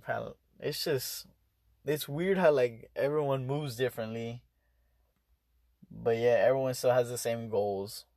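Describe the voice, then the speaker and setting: A man's voice: mid-range voice, unhurried, darkish tone, no room sound, studio quality. Rambling, profane young man vlogger. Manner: profane, rambling, full of fillers and restarts. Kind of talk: rambling casual storytelling.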